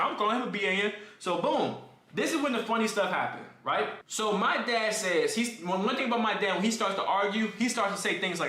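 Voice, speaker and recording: Bright, high-voiced young man telling stories. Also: lively intonation, quick pace, echoey room. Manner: casual slang, talks straight to viewers. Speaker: streamer. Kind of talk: animated storytelling to a live chat.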